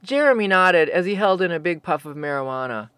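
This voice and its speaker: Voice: medium pitch, lively intonation, fairly quick, fairly bright tone, clean tone, no echo. Wry storyteller, dry close sound. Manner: wry, teasing asides to the listener. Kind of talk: casual story narration with asides.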